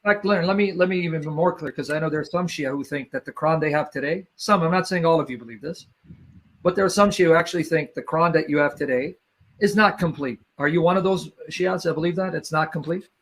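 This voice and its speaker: Pressing higher-voiced male debater. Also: fairly bright tone. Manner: pressing, repeats questions, slows others down. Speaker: debater questioning guests. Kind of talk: live online debate.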